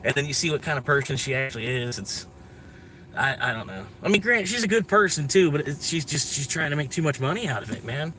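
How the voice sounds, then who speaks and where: A man's voice: a little high, very animated, fast, sharp tone, a little hiss or hum. An American man chatting casually as a vlogger, rambling and profane with lots of fillers, inside a moving vehicle.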